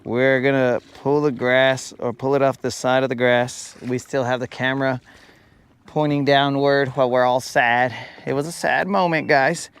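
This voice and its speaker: A man's voice: medium pitch, fairly even intonation, normal speed, fairly bright tone, smooth. A man hosting a live fishing stream from a boat on a lake, joking around and teasing his chat viewers with mock-dramatic complaints. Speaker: fishing livestream host. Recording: outdoor live stream with faint boat and water noise.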